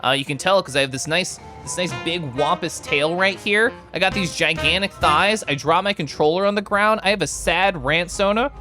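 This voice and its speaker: A man streaming a video game, chatting casually and excitedly while reading chat aloud and giggling. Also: sits high, moderate pace, hardly any pauses, faint music behind.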